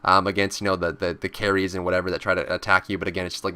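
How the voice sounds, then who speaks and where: Fast-talking bright-voiced man. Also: clean tone, no room sound. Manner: animated, acts out panicked players in high voices. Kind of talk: casual gaming chat.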